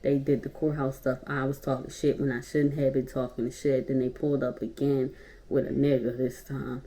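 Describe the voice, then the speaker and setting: A woman in her twenties from Baltimore, telling a story for a casual vlog in a blunt, profane, animated way. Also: rumbling low, normal speed. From Baltimore, Maryland, USA. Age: 20s. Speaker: YouTuber.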